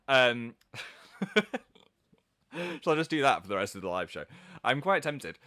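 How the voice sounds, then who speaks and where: Casual live-stream host, male, self-mocking and chatty, bright tone, recorded at home on a webcam mic. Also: medium pitch, very animated, measured pace, long pauses. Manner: playful, self-mocking, reads out viewer comments.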